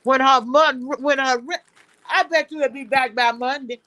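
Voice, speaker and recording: A blunt woman calls into a livestream to trade gossip, telling it straight and salty. Her voice is high, bright and a bit sharp, and it sounds dry and close. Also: steady tone, dry recording. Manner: blunt, salty, fast storytelling. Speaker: guest caller. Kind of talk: casual gossip chat.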